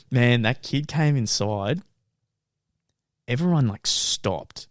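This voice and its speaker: A man's voice: mid-range voice, expressive, a little slow, no room sound, clean studio sound. A young man telling a story on a podcast, acting out voices and laughing often. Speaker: podcast co-host. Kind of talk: casual storytelling chat.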